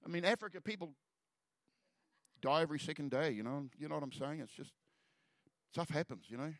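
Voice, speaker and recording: A man telling a personal story in a sermon, earnest and halting, often trailing off softly before lifting into exhortation. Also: on the high side, no room sound. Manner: earnest storytelling, halting restarts, soft drops in volume. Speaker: preacher. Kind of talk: sermon testimony.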